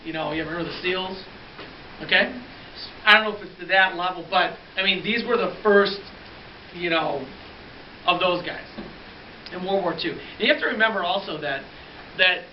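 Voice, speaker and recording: A fairly high-voiced man teaches a class, spinning a story and jumping between voices as he acts out each exchange. He is recorded from across a roomy classroom on a dull, lo-fi track with a soft hiss underneath. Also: recorded from a distance. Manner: animated, acts out dialogue with shifting pitch. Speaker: history teacher.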